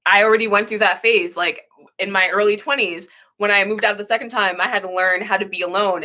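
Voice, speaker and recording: Bright-voiced, blunt young woman streamer. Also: mid-range voice. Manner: blunt, swears freely, trails off and restarts. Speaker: livestreamer. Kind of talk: casual livestream chat reading comments.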